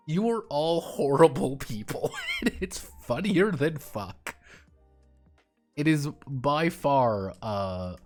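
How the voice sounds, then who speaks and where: Man, streamer, lively swooping pitch, profane, rambling casual chat, faint music behind. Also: slow.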